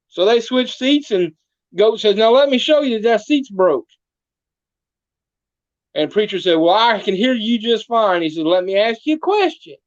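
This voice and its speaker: High-pitched and animated, this man speaks at a moderate pace on a muffled recording with no room sound. His role is a small-town mayor who, in a podcast interview, tells comic tall tales folksily and does voices for their characters.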